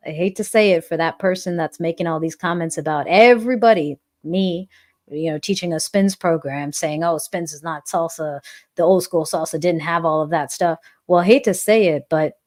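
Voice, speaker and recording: Low-voiced woman hosting a live chat. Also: a little mellow. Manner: earnest, reflective, repeats phrases for emphasis. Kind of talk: live-stream Q&A, reading chat comments.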